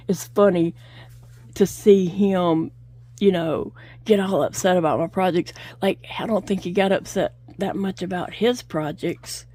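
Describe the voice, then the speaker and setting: A woman's voice: lowish voice, darkish tone, no echo. A middle-aged woman, chatting casually and telling stories, laughing often as she crochets at home. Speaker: crochet vlogger. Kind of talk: casual chat while crocheting.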